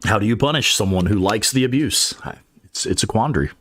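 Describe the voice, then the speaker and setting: A man's voice: on the low side, animated, quick pace, fairly bright tone. A man hosting a casual live gaming stream, laid-back and joking with his co-host.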